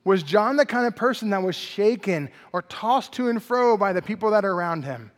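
A male pastor preaching an expository sermon in a conversational, animated way, often checking in with the congregation. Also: high-pitched, brisk, hardly any pauses, long reverb tail. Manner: conversational, animated preaching with frequent "right?" asides.

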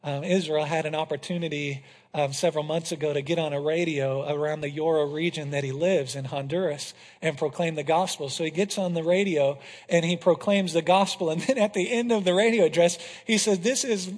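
A male pastor preaching a passionate sermon to his congregation, swinging from loud declarations to hushed, intense moments. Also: fairly high pitch, fairly even intonation, brisk. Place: church hall. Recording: reverberant hall.

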